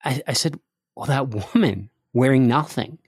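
A man's voice: medium pitch, animated, normal speed, husky, dry recording, studio quality. A man hosting a casual podcast, telling a wry, self-mocking story. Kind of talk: casual chat.

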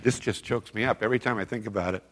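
A man's voice: on the low side, fairly even intonation, very fast, fairly bright tone. A middle-aged man, a former youth pastor, tells heartfelt stories at a men's seminar and acts out other people's lines. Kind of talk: storytelling sermon. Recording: long reverb of a large hall.

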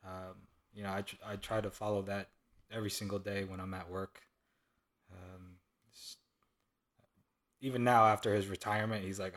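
A young adult man, a guest in a casual interview, speaking hesitantly with many pauses and fillers. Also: deep voice, little pitch movement, fairly bright tone.

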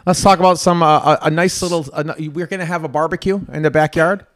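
A man's voice: a little high, steady tone, normal speed, no room sound. A man hosting a laid-back talk show from Central New York, often stalling as he hunts for the right word. His voice is close and dry, with no room sound behind it. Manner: rambling, searching for words, laughs often. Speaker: host. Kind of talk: casual chat.

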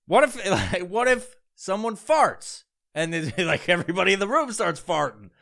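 A man's voice: sits high, very animated, normal speed, creaky, bright, forceful tone. A young man hosting a podcast, ranting comedically with heavy profanity and exasperation. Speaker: podcast host. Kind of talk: comedic rant.

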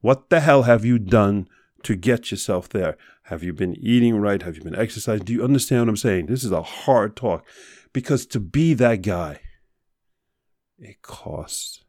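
A low-voiced man hosts a podcast and gives a blunt, profane motivational talk. He fires off one rhetorical question after another in a dark, mellow tone. The recording is dry and close. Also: lively intonation, normal speed, dry recording. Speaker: podcast host. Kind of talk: motivational monologue.

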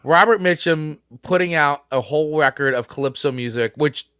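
A man co-hosts a casual music podcast, talking animatedly, laughing often and restarting his sentences. His voice is fairly high, a bit bright, clear and resonant, at normal speed. The recording is clean studio sound with no room sound.

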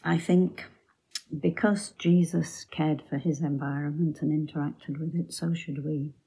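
Woman giving a bible talk, slow, gravelly, husky, low voice, hushed storytelling. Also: steady tone, poor audio. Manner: slow storytelling, drops to soft near-whispers. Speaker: Bible teacher.

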